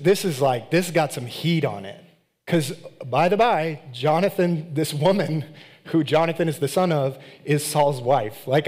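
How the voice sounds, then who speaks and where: A man's voice: a little high, darkish tone. Casual, conversational male pastor. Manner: casual, conversational, slangy asides. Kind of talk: sermon.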